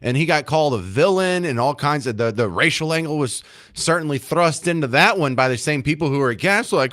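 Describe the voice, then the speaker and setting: A man's voice: fairly high pitch, lively intonation, fairly quick, a bit bright, no room sound. A man hosting a talk radio call-in show, giving blunt, opinionated commentary into a studio microphone.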